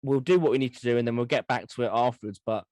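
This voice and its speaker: A man co-hosting a casual history podcast, telling stories quickly and eagerly. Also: mid-range voice, darkish tone, no echo. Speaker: podcast co-host.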